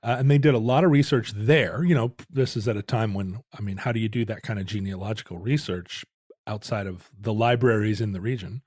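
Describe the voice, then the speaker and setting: A man's voice: fairly low pitch, a little fast, darkish tone, no echo, studio quality. A middle-aged man co-hosting a podcast, telling a family story in a rambling, self-interrupting way. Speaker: podcast co-host. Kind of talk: casual chat.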